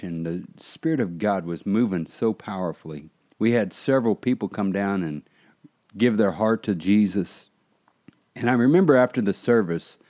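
Low, mellow-voiced preaching pastor. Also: male voice. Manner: earnest preaching, rising in fervor. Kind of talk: podcast sermon.

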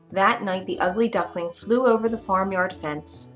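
A woman reading a children's story aloud, gentle and expressive. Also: medium pitch, moderate pace, soft background music.

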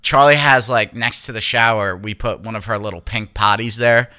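A man in his thirties co-hosting a podcast, telling profane, animated stories with laughs in casual chat. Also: lowish voice, normal speed, clean tone. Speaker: podcast co-host.

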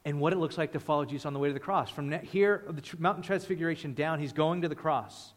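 A man's voice: on the high side, fast talker, big-room sound. A man preaching a sermon with passion, acting out the voices of people praying. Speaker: pastor.

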